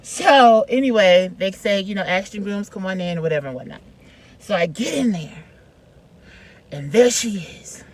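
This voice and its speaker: Woman vlogger, storytime, chatty and slangy, swings from hushed to loud. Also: medium pitch, husky, poor audio. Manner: chatty, slangy, lots of "like" and "you know". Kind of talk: casual storytime.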